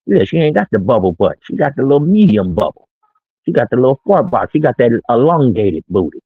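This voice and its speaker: A middle-aged streamer's mid-range voice goes sing-song and fairly quick, with a breathy edge, as he gives dating talk from his own small studio. It's a casual monologue of brash, boastful street slang, heard over a dry, tinny, phone-like line.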